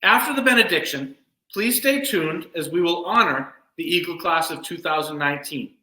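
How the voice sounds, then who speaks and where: A man serving as master of ceremonies, giving earnest, measured formal closing remarks at a virtual event. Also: on the high side, sharp tone, reverberant, poor audio. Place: home room, virtual event.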